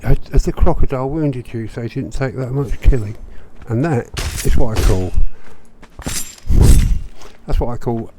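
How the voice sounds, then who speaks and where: A man's voice: medium pitch, normal speed, noisy background. A man giving a wry, chatty commentary as he plays a video game, with self-mocking asides. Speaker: gamer. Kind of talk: let's play commentary.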